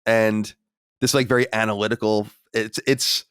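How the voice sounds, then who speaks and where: A man hosting a podcast in casual chat, animated and reading listener letters aloud. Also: on the low side, moderate pace, clean tone, no room sound, clean studio sound. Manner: animated storyteller, reads listener mail aloud. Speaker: podcast host.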